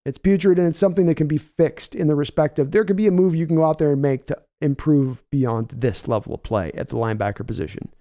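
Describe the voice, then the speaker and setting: A man's voice: fairly high pitch, fast talker, hardly any pauses, warm tone. A man hosting a live game reaction stream, giving opinionated, rambling analysis and reading viewer chat aloud to answer it conversationally. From United States. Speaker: livestream host.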